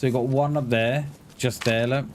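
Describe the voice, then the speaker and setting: A man's voice: medium pitch, normal speed, a little hiss or hum. A man streaming a survival game, chatting casually and joking with a teammate. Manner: relaxed, joking banter with a teammate. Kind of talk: casual gameplay chat.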